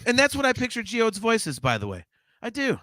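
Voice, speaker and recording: A man's voice: extremely high pitch, huge pitch swings, fairly quick, bright, forceful tone, dry recording, clean studio sound. A man co-hosting a live podcast in a casual chat, ranting animatedly with plenty of profanity. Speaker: podcast co-host.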